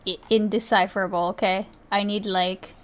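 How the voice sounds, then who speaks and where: A woman's voice: mid-range voice, flat delivery, normal speed. A woman streamer giving casual reaction commentary, chatty and often laughing.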